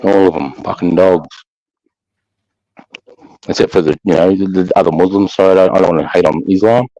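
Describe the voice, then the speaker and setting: This ex-soldier guest speaks with an Australian accent on a laid-back podcast, swapping war stories full of swearing and plenty of "mate" and "bro." He's blunt, and his low, warm voice holds a steady tone at a fairly quick clip. The audio sounds muffled.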